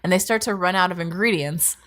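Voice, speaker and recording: A woman's voice: fairly low pitch, fairly quick, fairly bright tone. A woman co-hosting a podcast, recapping anime episodes in casual chat, laughing often, swearing freely and padding her talk with fillers. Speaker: podcast co-host.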